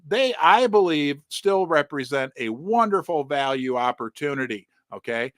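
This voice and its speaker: A middle-aged man hosting a casual livestream about precious metals, animated and rambling, talking straight to his viewers. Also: sits high, dry recording, clean studio sound. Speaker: host of a precious metals channel.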